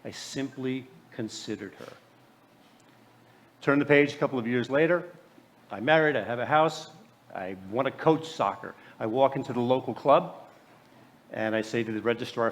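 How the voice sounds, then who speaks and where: A man's voice: mid-range voice, normal speed, a little hiss or hum. An American man in his late sixties from New Jersey, telling personal stories in a keynote speech, often stumbling and repeating words. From USA. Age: 60s. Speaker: keynote speaker.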